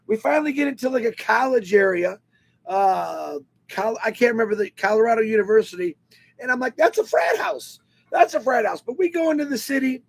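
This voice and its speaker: A man telling a personal story to an online webinar audience in an animated, emotional way. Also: extremely high pitch, vocal fry. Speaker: webinar speaker.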